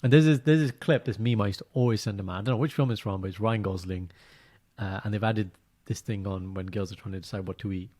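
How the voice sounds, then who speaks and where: Animated man telling a story. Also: fast talker. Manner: animated storyteller, often quiet and low-key between bursts. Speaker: podcast co-host. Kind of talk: casual chat.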